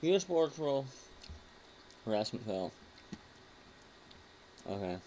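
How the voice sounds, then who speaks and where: A man's voice: mid-range voice, big pitch swings, unhurried, darkish tone, a little hiss or hum, rough recording. A man hosting a casual online show, reacting to videos with a crude, mocking, rambling manner. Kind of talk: casual rant commentary.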